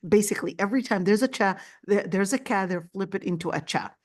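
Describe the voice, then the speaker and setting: A woman teaching a Quran commentary lesson, explaining slowly and often repeating words with fillers. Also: medium pitch. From Palestinian family. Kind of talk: classroom lecture.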